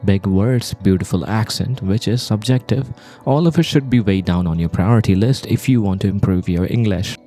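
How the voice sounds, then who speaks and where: A man from India with a light Indian accent delivering scripted commentary, deliberate and emphatic, full of rhetorical questions. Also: lowish voice, warm tone, faint music behind. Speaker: video essayist.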